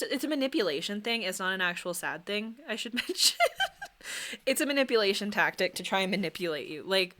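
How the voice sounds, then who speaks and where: A woman's voice: mid-range voice, bright, forceful tone. A young woman streamer chatting casually and rambling while she paints miniatures and answers questions from chat.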